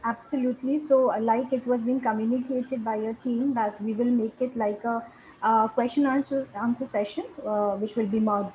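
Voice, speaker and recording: A woman host introduces a guest in a polite, formal way. Her voice sits fairly high, heard over a video call with a faint hiss behind it. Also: a little mellow, rough recording.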